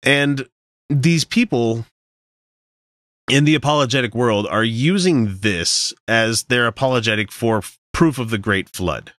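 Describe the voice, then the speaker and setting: Lively, bright-voiced male podcast host. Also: mid-range voice, unhurried, no echo, clean studio sound. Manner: profane, sarcastic, reads a text aloud mockingly. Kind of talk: casual podcast chat.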